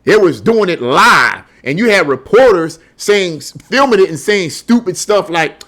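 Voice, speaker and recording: Unhurried, with lively intonation and a high, fairly bright voice, this middle-aged man hosts political commentary alone. He is blunt and heated, repeating words frequently as his temper rises.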